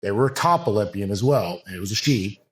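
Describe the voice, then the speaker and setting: A man's voice: fairly low pitch, animated, fast. A man, a bodybuilding coach, talking earnestly in a casual podcast conversation, with long loose run-on sentences and many fillers.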